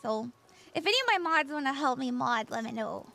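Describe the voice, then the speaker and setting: With a sharp, gravelly, high-sitting voice and a brisk pace, a tarot reader chats casually with her livestream viewers over slight background noise. Freshly awake, she's bubbly and giggly and calls out chat members by name.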